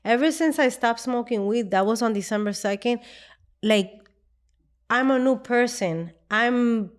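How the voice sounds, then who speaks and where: A woman's voice: a little high, unhurried. Earnest woman sharing a faith testimony. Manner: earnest, emotional storytelling with quoted dialogue. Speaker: podcast guest. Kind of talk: candid personal testimony.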